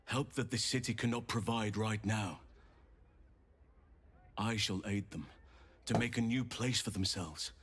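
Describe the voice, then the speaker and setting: A gentle, solemn druid companion from a video game. His voice sits low with a husky edge. He speaks in a tender, measured, earnest way.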